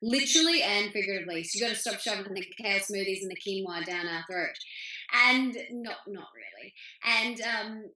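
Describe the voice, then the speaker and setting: A woman talks about her book in a casual video-call interview, voice bright and forceful. She speaks with eager enthusiasm, now and then acting out the words of others. The call audio sounds roomy, with a clear echo. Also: medium pitch, animated, fairly quick. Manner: enthusiastic, acts out family quotes. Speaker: author and interview guest.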